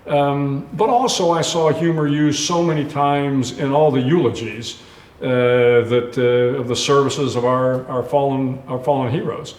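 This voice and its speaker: A man's voice: mid-range voice, a little slow, darkish tone. A man in his sixties, an author and retired admiral, telling personal stories earnestly in a live onstage conversation, with frequent restarts and fillers. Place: live event stage. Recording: roomy hall sound.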